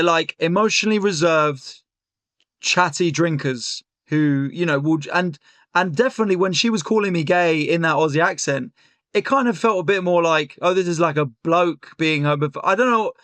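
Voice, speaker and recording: A man's voice: on the high side, normal speed, a bit bright, dry recording. A young man, a comedian guest, telling a story in casual chat with lots of fillers and restarts over a remote call.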